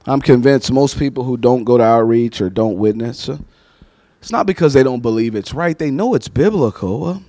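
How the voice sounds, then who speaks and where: A man of medium pitch and normal speed gives a storytelling sermon, lively as he voices the people in his tales. No room sound is audible.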